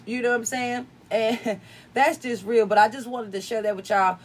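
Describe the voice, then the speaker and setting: A podcast host from upstate New York with a slight Southern country twang talks in a slightly high, steady voice at a moderate pace. Her spiritual chat is casual yet preachy at times, repetitive for emphasis, and freely profane.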